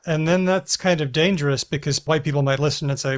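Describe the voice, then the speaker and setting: A woman co-host asking quick questions in a casual chat. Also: deep voice. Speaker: podcast co-host.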